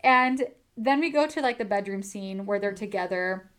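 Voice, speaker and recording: A woman's voice: medium pitch, normal speed, a bit bright, clean tone. A young woman casually recapping a romance novel on a book podcast, gushing and giggly.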